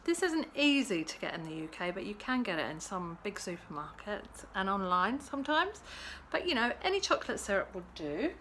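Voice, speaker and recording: A woman's voice: medium pitch, sing-song, a little fast, fairly bright tone, a little hiss or hum. A woman hosting a casual cocktail-making vlog at home, chatty and playful. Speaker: host.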